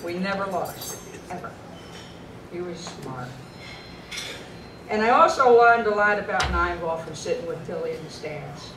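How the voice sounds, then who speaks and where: A woman's voice: on the low side, expressive, measured pace, long pauses. A middle-aged woman giving a memorial speech full of anecdotes about a late friend, often laughing as she tells them. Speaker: speaker honoring a late friend; women's pool tour board member. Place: banquet hall at a dinner. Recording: echoey distant hall recording with background noise.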